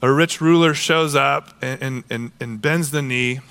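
A man preaching a sermon as a pastor, casual and animated, acting out quoted voices. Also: medium pitch, a little slow, creaky, smooth.

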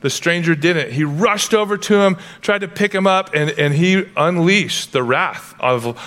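A young adult man preaching as pastor, telling stories with lively acted-out voices. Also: sits high, unhurried. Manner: animated storytelling, acts out voices in anecdotes. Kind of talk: sermon. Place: church. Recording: long reverb of a church hall.

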